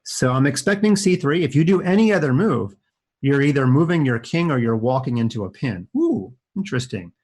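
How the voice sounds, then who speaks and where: Husky, animated man commenting chess for kids. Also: medium pitch, a little fast. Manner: playful, chatty, jokey asides to kids. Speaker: chess streamer playing kids online.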